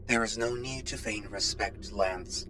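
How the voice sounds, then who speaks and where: A man reading a story aloud, voicing an ancient, mummy-like tyrant king with a hollow mechanical voice, cold and measured in how he speaks. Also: fairly low pitch, background noise, natural voice. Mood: cold, arrogant.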